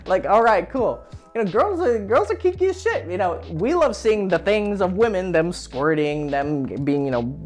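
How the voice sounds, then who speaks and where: A man's voice: high voice, big pitch swings, normal speed, faint music behind. A man hosting a dating advice talk, speaking casually, frankly and explicitly. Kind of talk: casual monologue.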